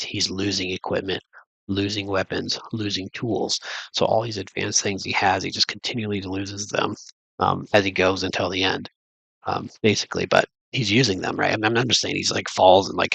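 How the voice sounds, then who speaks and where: A man's voice: deep voice, gravelly, pushed and bright, husky, no room sound, poor audio. A man recapping a movie in a casual, rambling way, full of fillers and restarts. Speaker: movie reviewer. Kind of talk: casual spoken film recap.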